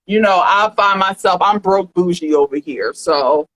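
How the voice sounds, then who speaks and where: A woman's voice: lowish voice, normal speed, a bit bright, low-quality recording. A woman hosting a pop culture podcast, sassy and slangy in casual chat. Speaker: podcast host.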